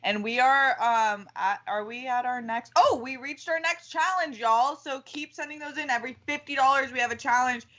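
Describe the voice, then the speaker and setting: A woman's voice: sits high, normal speed, hardly any pauses, pushed and bright. A young woman hosting a live stream, upbeat and casual, swearing and reading out donations. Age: young adult. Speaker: host.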